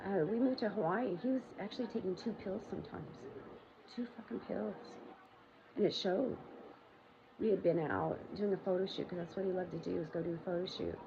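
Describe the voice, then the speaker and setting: A woman's voice: brisk, creaky. A woman hosting her own show, telling a long personal story in a blunt, rambling way, with frequent profanity and fillers. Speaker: show host. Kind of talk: candid personal monologue. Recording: muffled low-volume recording with loud background noise.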